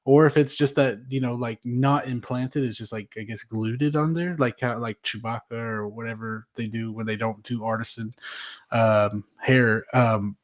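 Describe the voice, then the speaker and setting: A man co-hosting a casual collectors' chat, relaxed and hesitant, full of fillers. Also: medium pitch, moderate pace. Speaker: co-host.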